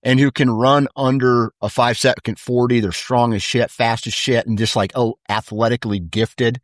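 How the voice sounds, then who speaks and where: A man in casual conversation, telling anecdotes in a laid-back, animated way and saying "dude" often. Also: medium pitch, moderate pace, no room sound, clean studio sound. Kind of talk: casual chat.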